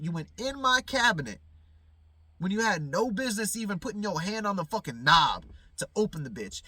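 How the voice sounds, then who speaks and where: A man's voice: high-pitched, pushed and bright, no room sound. A man telling a heated, profanity-laden story, rambling with fillers, while sitting in a car at night. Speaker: vlogger. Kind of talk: casual storytelling to camera. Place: inside a parked car at night.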